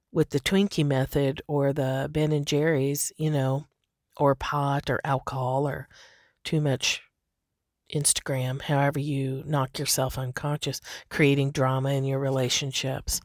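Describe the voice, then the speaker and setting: Low-voiced woman rambling on her podcast, laughs a lot, dry close mic. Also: unhurried, darkish tone, no echo. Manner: chatty, laughs often, fillers like "you know". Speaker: podcast host. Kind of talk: casual podcast monologue.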